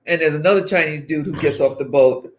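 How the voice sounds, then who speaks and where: A woman's voice: deep voice, fast talker. An older woman co-hosting a casual chat with her daughter, telling stories with dry humor. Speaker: co-host, mother.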